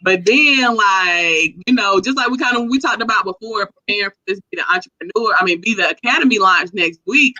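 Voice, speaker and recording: A woman guest chatting casually, slangy and animated as she tells stories. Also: mid-range voice, a little fast, hardly any pauses. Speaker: guest entrepreneur. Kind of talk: casual chat. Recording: dull lo-fi sound.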